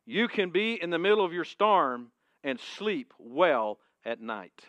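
Bright, emphatic man preaching a sermon. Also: very animated, unhurried, dry recording. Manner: emphatic, swinging between booming and hushed. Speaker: pastor. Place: church room with a congregation.

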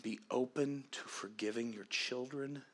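Man preaching, bright tone, earnest sermon, drops soft for prayer. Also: medium pitch, steady tone, measured pace. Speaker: pastor.

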